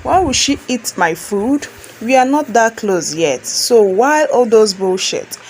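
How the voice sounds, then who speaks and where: A woman's voice: fairly high pitch, animated, unhurried, a little mellow, slight background noise. A woman with a Nigerian accent voicing an angry, proud young husband who speaks in a curt, irritated way.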